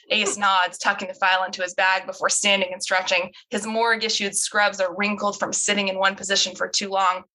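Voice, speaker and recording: A woman's voice: medium pitch, flat delivery, a little fast, few pauses, sharp tone, low-quality recording. A young woman reading out her own script in a casual, slightly awkward read-through, close to the mic. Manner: awkward, self-interrupting reading with laughs.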